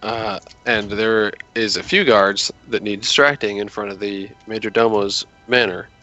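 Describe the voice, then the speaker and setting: A man's voice: lowish voice, fairly even intonation, moderate pace, pushed and bright, dull audio, faint music behind. A man playing a tabletop game, chatting casually and questioning the game master. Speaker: player.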